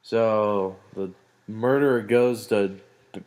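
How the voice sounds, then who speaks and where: A man's voice: on the low side, fairly even intonation, takes it slowly, a little mellow. A young man rambling through a comic retelling of a play for school, slangy with dry asides. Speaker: student presenter.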